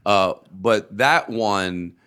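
A man's voice: fairly low pitch, very slow, a bit bright, clean tone. A man, a comedian, chatting casually on a podcast, rambling through stories and acting out the people in them. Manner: rambling, restarts and acts out quoted voices. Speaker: comedian guest.

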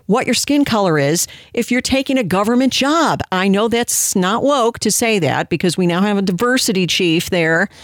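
A woman's voice: medium pitch, dry recording. Woman host, opinion commentary, sarcastic, incredulous, indignant, dry close sound.

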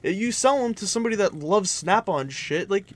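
A man's voice: sits high, expressive, moderate pace. A young man in his twenties co-hosting a casual podcast, laid back and mostly chiming in with agreement. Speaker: podcast co-host.

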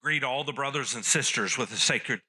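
A man's voice: mid-range voice, normal speed, sharp tone, slightly rough. A man preaching a sermon, teaching earnestly and repeating key phrases for emphasis. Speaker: pastor.

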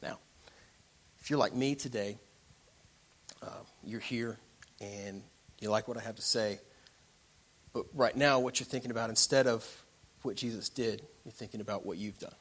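Bright-voiced preacher man. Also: on the low side, normal speed, long pauses, slightly rough. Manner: dramatic, swings from quiet to loud. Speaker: pastor. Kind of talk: sermon.

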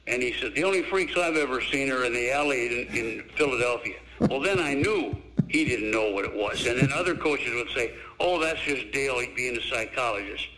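Talking fairly quickly with hardly any pauses, a former basketball coach, now older, recounts stories in an interview, his voice medium in pitch. He animatedly performs the characters he quotes. The recording is rough, with a little hiss or hum.

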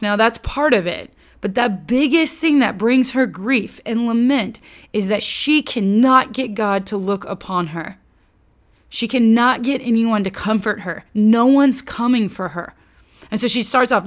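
A woman teaching on scripture in an animated, conversational way, acting out quotes and dropping casual slang. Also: mid-range voice. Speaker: Bible teacher.

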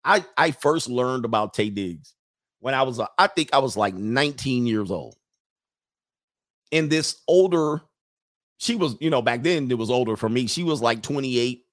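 A man's voice: medium pitch, lively intonation, normal speed, fairly bright tone. A man in the middle of his voice range talks through a casual livestream. He reads viewer comments aloud and rambles between them, chuckling to himself and searching for the point he was making. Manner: rambling, chuckling, loses his train of thought.

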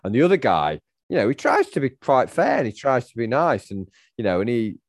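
A man's voice: mid-range voice, huge pitch swings, brisk, no room sound, clean studio sound. A man co-hosting a podcast, wry and joking, often stammering over his words. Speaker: podcast co-host. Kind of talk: casual chat.

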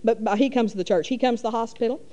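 A woman's voice: a little high, racing, dark tone, muffled recording. Folksy woman telling her testimony. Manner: folksy rambling with many fillers. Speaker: church speaker. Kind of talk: testimony storytelling.

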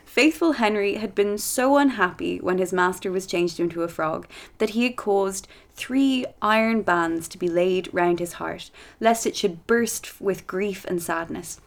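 A woman's voice: medium pitch, unhurried, few pauses. Chatty woman reading a fairy tale. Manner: chatty, laughs between lines, playful asides. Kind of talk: casual storytelling with asides.

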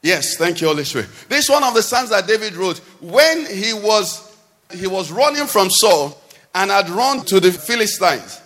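A man preaching a sermon in a church, with animated, sing-song delivery that swings between loud and soft. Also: sits high, moderate pace. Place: church hall. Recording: long hall reverb.

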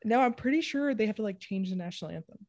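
A woman's voice: medium pitch, animated, very fast, darkish tone, no echo, muffled recording. A woman co-hosting a podcast in casual chat, telling stories with lots of "like" and frequent laughter. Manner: chatty storyteller, frequent "like" fillers, laughs often. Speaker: podcast co-host.

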